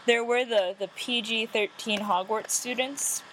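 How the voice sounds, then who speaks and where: A woman's voice: on the high side, steady tone, a little slow, heavy background noise. A young woman co-hosting a podcast, chatting casually and rambling with fillers and self-aware asides. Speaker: podcast co-host. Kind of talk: casual chat.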